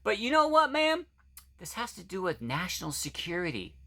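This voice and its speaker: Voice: medium pitch, huge pitch swings, normal speed, fairly bright tone, heavily acted. Someone mocking a smug evasive politician. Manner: mocking, laughing between lines. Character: smug evasive male politician dodging questions.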